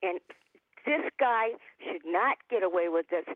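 A woman's voice: mid-range voice, animated, dry recording. An older woman calling in to a talk radio show, talking in a rambling, indignant way. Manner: rambling, indignant, drawn-out phrases. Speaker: caller. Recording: phone line.

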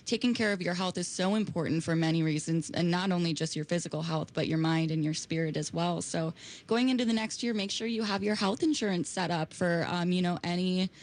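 A woman's voice: on the low side, fairly quick. A woman co-hosting a radio show, earnest and upbeat, often repeating herself as she chats and reads a promo. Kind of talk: casual radio chat and read promo.

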